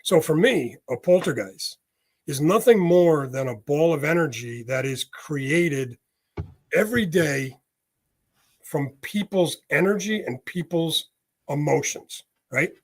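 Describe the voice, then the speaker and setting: A man's voice: fairly high pitch, animated, slow, breathy edge. A man, a medium, talking casually in an interview, explaining ideas with homely examples and often checking in with "right?". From United States. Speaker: guest, medium.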